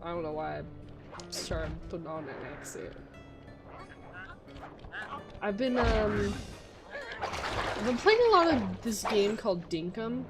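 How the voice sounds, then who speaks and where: A woman's voice: medium pitch, animated, takes it slowly, pauses often. A young woman streaming a game, chatting casually and rambling with lots of fillers and restarts. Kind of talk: casual gameplay chat. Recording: music playing behind the voice.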